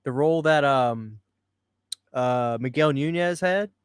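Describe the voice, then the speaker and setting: A man's voice: mid-range voice, takes it slowly, clean tone, no room sound, studio quality. Chatty man hosting a live stream. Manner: chatty, reads and answers viewer comments, laughs easily. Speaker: livestream host. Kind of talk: casual live chat. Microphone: studio microphone.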